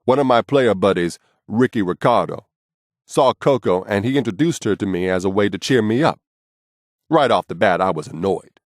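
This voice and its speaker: A man's voice: lowish voice, lively intonation, moderate pace, no room sound, clean studio sound. A man narrating his own memoir as an audiobook, in a blunt, casual and profane storytelling manner.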